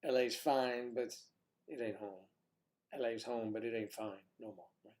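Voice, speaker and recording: A man's voice: mid-range voice, steady tone, measured pace, a little mellow. A man hosting a casual livestream, chatting with viewers and making playful puns, sometimes dropping into a whisper. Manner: playful, punning, drops into whispers. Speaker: livestream host. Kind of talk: casual chat reading viewer comments.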